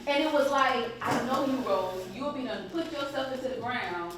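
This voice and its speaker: A woman in a casual group conversation, calmly explaining her view of a friend. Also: sits high, moderate pace, a crowd in the background. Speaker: friend speaking in a group gathering. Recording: echoey room, distant, background noise.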